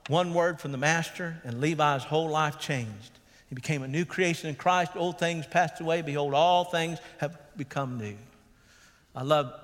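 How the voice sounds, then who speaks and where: In a church sanctuary thick with long reverb, a man whose voice runs high and a bit bright delivers an earnest sermon as pastor. He keeps calling out to the congregation with "Amen?"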